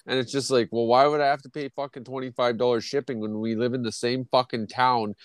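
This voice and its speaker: A man's voice: mid-range voice, flat delivery, brisk, clear, resonant tone, dry recording. A man hosting a casual podcast, rambling and ranting with heavy swearing. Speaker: podcast host. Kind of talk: casual profane chat.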